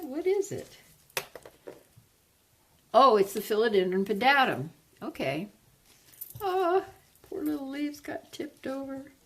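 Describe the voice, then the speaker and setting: Slow gravelly-voiced woman gushing over plants. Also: on the low side. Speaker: plant vlogger. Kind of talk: casual unboxing chat.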